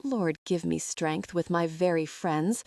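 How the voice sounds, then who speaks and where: A woman's voice: fairly low pitch, unhurried, creaky, a little mellow, no room sound. Woman narrating an audiobook, dry and close. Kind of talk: first-person audiobook narration.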